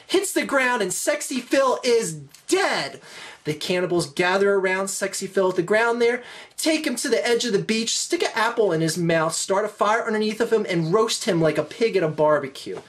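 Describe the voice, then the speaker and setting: A woman telling a long comedic joke, animated, her voice swinging high and low. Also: normal speed. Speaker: joke teller.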